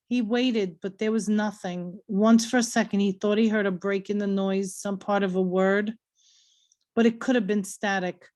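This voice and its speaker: A woman reading a novel aloud in a steady, earnest storytelling voice. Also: medium pitch, moderate pace. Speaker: reader.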